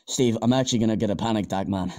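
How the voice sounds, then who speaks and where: A man's voice: fairly low pitch, dark tone, natural voice. A young man playing a panicky amateur scientist in an amateur audio drama, stammering and swearing as he talks.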